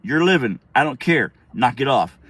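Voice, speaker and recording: A man's voice: mid-range voice, big pitch swings, normal speed, fairly bright tone, breathy edge. A man voicing a short-tempered, stern mother who barks threats at her son. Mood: angry scolding. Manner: barking threats. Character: angry stern mother, middle-aged woman, short-tempered.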